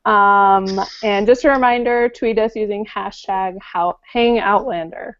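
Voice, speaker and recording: A woman's voice: medium pitch, fairly even intonation, a little slow, a bit bright, clean tone, no room sound. Woman cohost cracking quips, trips over words, dull call sound. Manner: quippy, stumbling over words. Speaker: co-owner and co-host. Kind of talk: casual chat. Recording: muffled lo-fi call audio.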